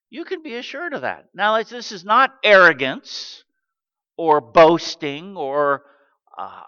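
A man in his sixties preaching a sermon, animated and acting out the quotes he tells. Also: sits high, measured pace. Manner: animated, acts out quotes in character. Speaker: pastor. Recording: dull recording with long hall reverb.

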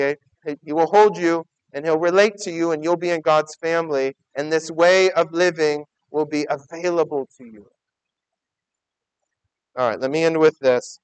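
A man preaching a sermon as pastor, conversational and emphatic, swinging from loud urgings to quiet, intimate asides. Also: fairly high pitch, clean tone, dry recording, poor audio.

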